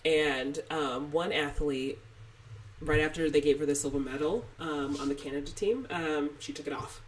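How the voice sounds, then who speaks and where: Chatty animated woman co-host. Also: low-pitched, normal speed. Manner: chatty, animated, self-mocking. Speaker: podcast co-host. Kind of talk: casual chat.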